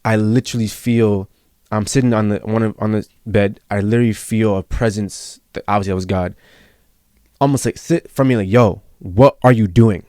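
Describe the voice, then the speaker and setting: A man's voice: fairly low pitch, steady tone, fairly quick, a little mellow, clear, resonant tone, no room sound, studio quality. A young man as a podcast guest, telling a personal story in casual, earnest talk, repeating himself and saying bro and yo. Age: young adult.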